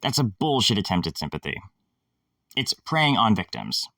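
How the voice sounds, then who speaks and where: A man's voice: on the low side, big pitch swings, moderate pace, gravelly, bright, forceful tone, no room sound, studio quality, distant mic. A man hosting a casual monologue, rambling, sarcastic and irreverent, swearing freely.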